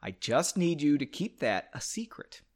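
A man's voice: a little high, sing-song, moderate pace, darkish tone. A man voicing an anxious young woman on the run in a storybook reading, in a raised, earnest voice.

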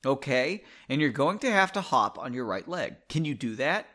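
Steady young hero, polite and reassuring, lively pitch, read by a male author. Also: normal speed.

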